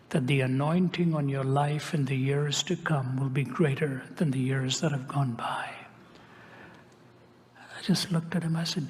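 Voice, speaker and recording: A man's voice: mid-range voice, steady tone, a little slow, a little hiss or hum. A male preacher telling a personal story in a sermon, acting out the quoted speech with wry asides. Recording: long hall reverb.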